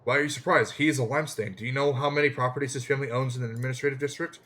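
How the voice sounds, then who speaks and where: A man's voice: medium pitch, steady tone, very fast, fairly bright tone, lightly acted. A man reading as a slick woman property agent. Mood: eager. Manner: plain read-aloud, no put-on voice. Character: scheming woman property agent, smooth salesy talker.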